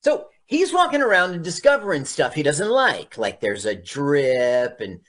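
Male radio co-host, animated delivery, rambling casual film chat, quick to laugh. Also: fairly high pitch. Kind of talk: casual movie commentary.

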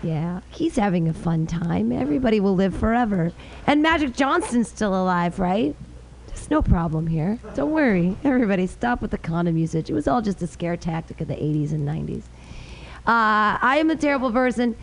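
A woman's voice: mid-range voice, expressive, a little fast, creaky, slight background noise. A woman hosting an open mic on a small club stage, rambling and crudely teasing between acts as she introduces comedians.

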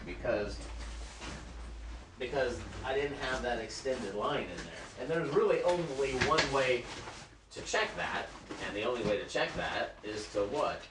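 A man's voice: medium pitch, reverberant, background noise. A man hosting a podcast, talking loosely and wandering from topic to topic while speaking straight to his listeners. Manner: loose, digressive, talks to listeners directly. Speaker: podcast host. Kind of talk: rambling casual monologue. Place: small community radio studio.

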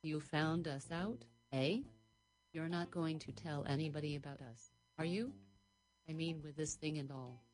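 A cheeky talking water droplet chatters away in a storybook tale, voiced by a woman. Its voice sits low and is full of folksy, teasing asides. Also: unhurried, a little mellow, rough recording. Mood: chatty. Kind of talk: improvised storytelling.

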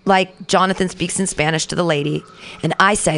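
A woman's voice: lowish voice, steady tone, fairly quick, fairly bright tone. Chatty woman radio host telling a story. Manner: chatty, rambling, heavy use of "like", acts out quoted people. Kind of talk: casual storytelling on talk radio.

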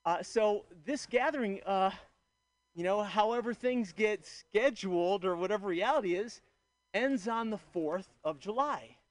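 High-voiced man rambling to a crowd. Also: animated, unhurried. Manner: rambling, earnest, many fillers. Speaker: gathering organizer. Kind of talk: addressing a crowd.

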